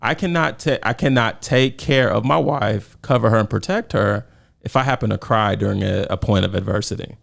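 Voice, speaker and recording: A middle-aged father with a gravelly voice, co-hosting a podcast and pressing questions in a casual debate. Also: on the low side, brisk. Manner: questioning, pushes back. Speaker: podcast co-host.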